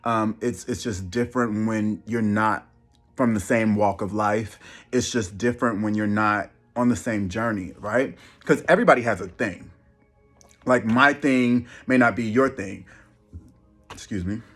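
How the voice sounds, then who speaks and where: A man vlogging casually, stumbling and repeating words with many pauses. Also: lowish voice, fairly bright tone, soft background music. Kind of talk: casual vlog talk.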